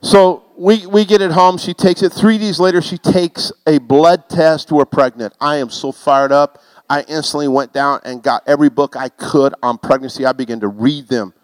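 A middle-aged man preaching a sermon through a personal story, animated and self-mocking, building to loud exclamations. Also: a little high, moderate pace, no echo, low-quality recording.

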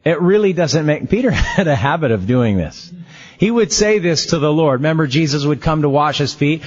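A man preaching a sermon, telling the story in a lively, conversational way. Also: a little high, moderate pace, breathy edge. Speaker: pastor. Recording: slightly dull lo-fi sound.

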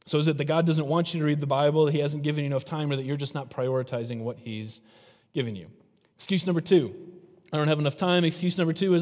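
A middle-aged male pastor delivers a sermon in a conversational style, firing rhetorical questions at his congregation. His voice is fairly high and darkish, and he talks fast. The recording carries a long hall reverb.

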